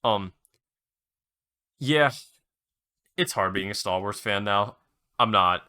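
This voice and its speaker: A man's voice: fairly low pitch, takes it slowly, sharp tone, smooth, no room sound, studio quality. A young man hosting his own show, ranting and rambling in a casual, exasperated way while playing a game, with lots of swearing. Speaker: host.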